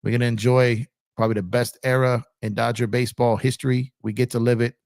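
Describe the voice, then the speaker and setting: A man's voice: mid-range voice, little pitch movement, fast, a little mellow, no room sound, studio quality. A man hosting a casual sports livestream, talking in a laid-back, rambling way with lots of fillers and repeated phrases. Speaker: sports channel host.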